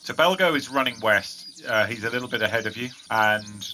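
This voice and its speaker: Game master, male, lowish and bright, narrates with restarts, faint insect noise behind. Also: brisk. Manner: descriptive with frequent restarts.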